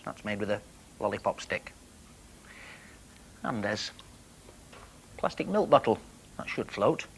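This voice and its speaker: A man presenting a children's TV show, talking gently and playfully to young viewers. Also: fairly low pitch, lively intonation, unhurried, pauses often, slight background noise.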